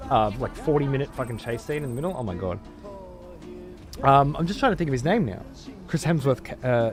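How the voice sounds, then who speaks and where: A man streaming a game, chatting casually and rambling through strong, profane opinions. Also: medium pitch. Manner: opinionated, rambling, swears a lot. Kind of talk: casual gaming stream chat.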